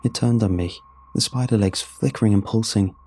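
A man telling a first-person horror story in a grim, measured way. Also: on the low side, darkish tone, breathy edge. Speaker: narrator.

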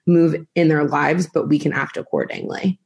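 A woman's voice: sits low, fairly even intonation, moderate pace, gravelly, a little mellow, slightly rough. A woman in casual conversation as a podcast co-host, speaking in a reflective, earnest way. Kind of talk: casual chat.

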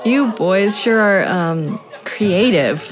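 A cheerful schoolteacher. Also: female voice, medium pitch, expressive, slow, over loud music. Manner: warm, encouraging. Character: kind cheerful grade-school teacher. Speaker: teacher. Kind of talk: children's audio drama.

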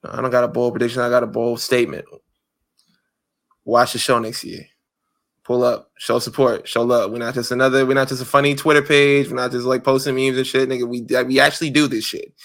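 A man co-hosting a wrestling podcast in casual, animated chat, swearing freely and mocking people in quick impressions. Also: medium pitch, creaky. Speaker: podcast co-host.

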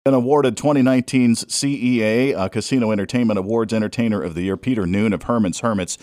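A male radio host with a lowish voice interviews a guest in a dry studio. He keeps it easygoing and laughs along with the conversation. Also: fast talker, a little mellow, no room sound.

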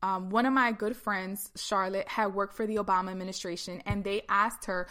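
A woman giving an energetic, emphatic motivational talk, speaking straight to her listeners. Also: mid-range voice, moderate pace.

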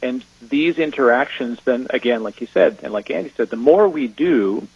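A Canadian man with a Canadian accent, a guest on a casual panel, talking in an animated, joking way with frequent laughs. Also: medium pitch, moderate pace, husky, no room sound. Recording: dull lo-fi audio.

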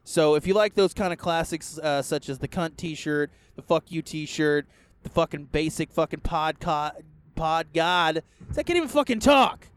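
A man hosting a podcast from inside a car, swearing constantly and breaking into yells as he rants. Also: a little high, expressive, normal speed, smooth. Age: adult, past a first marriage. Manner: crude, swears constantly, bursts into yelling. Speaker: podcast host. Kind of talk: profane casual rant.

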